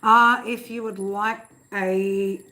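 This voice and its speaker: A woman's voice: medium pitch, steady tone, slow, pushed and bright, slight background noise. Chatty swearing tarot reader woman. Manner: chatty, swears freely, laughs often. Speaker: tarot reader hosting a live stream. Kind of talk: casual live-stream chat. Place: home room.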